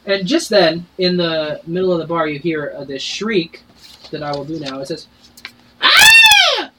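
A man's voice: a little high, fairly even intonation, moderate pace, slight background noise, rough recording. A man narrating as game master in a tabletop game, casual and rambling. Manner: casual, rambling, many fillers and restarts.

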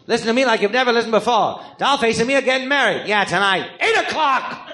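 A man's voice: very high-pitched, lively intonation, quick pace, roomy sound, noisy background, pitched above the performer's own voice. A man voicing a frantic gangster with a muddled mind, impatiently trying to get off the phone with his mother. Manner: impatient, keeps trying to hang up. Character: frantic brain-addled gangster son phoning his mother. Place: live podcast theatre stage.

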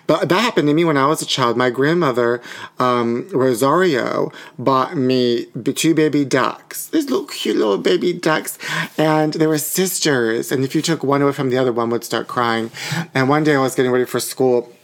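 A campy man with a mid-range voice, chatting as a podcast co-host. He spins stories in an animated way and tosses in quick asides. He grew up in a small town near Pittsburgh. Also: mid-range voice. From small town outside Pittsburgh and West Virginia panhandle. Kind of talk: casual chat.

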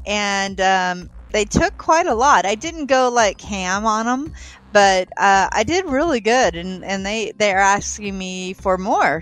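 A woman co-hosting a casual podcast chat, speaking candidly, unhurried and giggly. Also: mid-range voice, poor audio. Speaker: podcast co-host.

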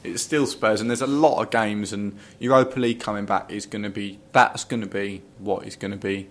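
A man co-hosting a casual fan podcast, thinking things through aloud in a measured way. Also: fairly low pitch, steady tone, a bit bright. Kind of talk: casual chat.

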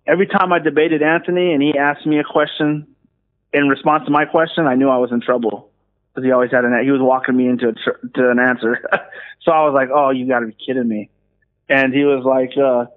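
A man's voice: medium pitch, a little fast. A man, a minister, telling his story in casual slangy speech and acting out what others said. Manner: slangy, animated, acts out quoted voices. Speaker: guest minister. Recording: phone-like call audio.

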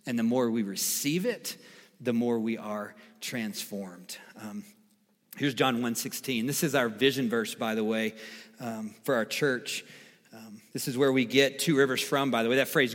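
A man preaching a sermon as pastor, emphatic, repeating key phrases and swinging between quiet and loud. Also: medium pitch. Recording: long reverb of a large hall.

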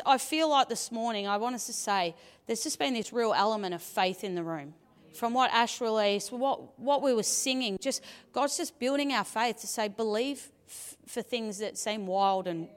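Chatty woman telling a story. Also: medium pitch. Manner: chatty, animated storytelling with laughs. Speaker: church member sharing testimony. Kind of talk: testimony from the stage. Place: large church auditorium. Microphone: handheld microphone. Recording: long church hall reverb.

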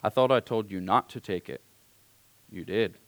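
A man's voice: on the low side, normal speed, dry recording, close to an everyday voice, poor audio. A man reading aloud, voicing a stern mother who firmly scolds her young son. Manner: firm and reproachful.

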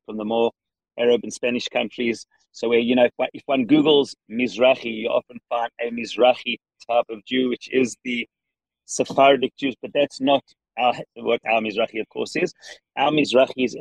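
A man's voice: medium pitch, creaky, dry recording, low-quality recording. South african guy on a podcast, earnest, lots of uh and restarts, talking from his car. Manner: earnest, with frequent restarts and "uh" pauses. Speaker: podcast guest. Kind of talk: thoughtful interview answers.

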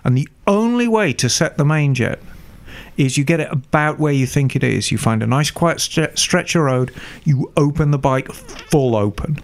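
A man's voice: a little high, animated, moderate pace. An older man explaining motorcycle carburetor tuning with confidence, step by step, in a casual chat. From England. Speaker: motorcycle mechanic expert.

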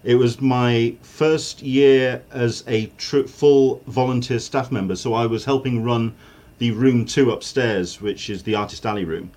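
Male co-host, mid-pitch, halting casual delivery with restarts. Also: a little mellow. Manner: hesitant, many fillers and restarts. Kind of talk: casual chat.

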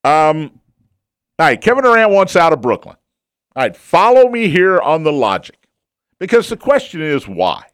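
A man's voice: a little high, wildly swooping pitch, moderate pace, pauses often, clean tone, no room sound, studio quality. A man hosting a casual sports talk show, chatty and opinionated, who asks himself questions and answers them.

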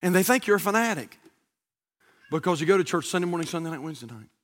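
High-pitched bright-voiced preacher man. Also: animated, quick pace. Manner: swings from loud high cries to hushed whispers. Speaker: pastor. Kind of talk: sermon.

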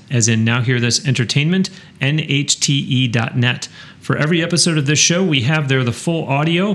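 A man's voice: medium pitch, fairly bright tone. A man from Western New York hosting a podcast interview, chatty and rambling, with frequent restarts. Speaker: podcast host. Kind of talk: casual interview and show announcements.

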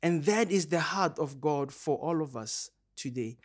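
A man preaching a sermon, earnest, swinging between raised, urgent calls and hushed, low phrases. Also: lively intonation, measured pace.

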